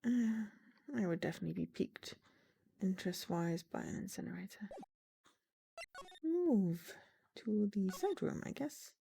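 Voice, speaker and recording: Gravelly-voiced woman streamer chatting. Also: mid-range voice, animated, unhurried, pauses often, warm tone, slight background noise. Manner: chatty, muttering asides. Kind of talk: casual let's-play commentary.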